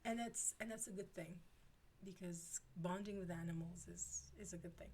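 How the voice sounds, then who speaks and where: A woman in her forties chats casually with her audience. She rambles, stacking filler words and restarting her sentences as she goes. Her voice sits at a middling pitch. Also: normal speed, darkish tone. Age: 40s. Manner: rambling, lots of filler words and self-interruptions. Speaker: streamer. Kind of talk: casual chat with viewers.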